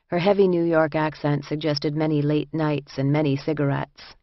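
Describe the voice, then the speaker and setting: Low-voiced woman reading a memoir. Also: little pitch movement, normal speed, hardly any pauses, no room sound, highs cut off. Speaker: audiobook narrator. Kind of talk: first-person audiobook narration.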